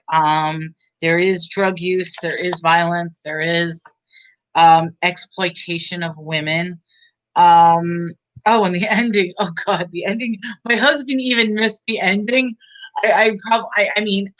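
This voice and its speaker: A woman's voice: on the low side, fairly bright tone, poor audio. A woman giving a casual, rambling movie review, chatty and giggly, with many fillers.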